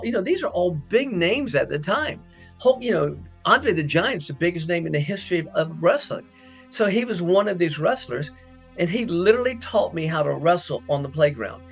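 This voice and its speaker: A middle-aged man, an actor, telling lively behind-the-scenes stories and acting out quotes. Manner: acts out quoted dialogue with big pitch jumps. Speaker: actor interviewed about a past film. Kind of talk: animated anecdotal storytelling.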